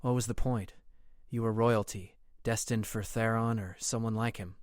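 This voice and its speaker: A man voicing a humble, devoted human translator who speaks earnestly and gently. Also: fairly low pitch, fairly even intonation, normal speed, dry recording, studio quality, close to an everyday voice.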